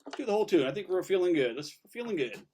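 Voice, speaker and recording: A man's voice: sits high, very animated, very fast. A man teaching an online fiddle lesson, upbeat and encouraging, explaining bowing and counting the class in.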